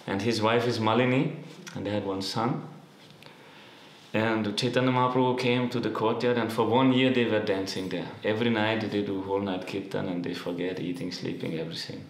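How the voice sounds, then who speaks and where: A man's voice: fairly low pitch, steady tone. Man lecturing in an echoey room. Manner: unhurried, halting phrasing with frequent restarts; non-native English grammar. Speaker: spiritual teacher. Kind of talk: devotional lecture with storytelling.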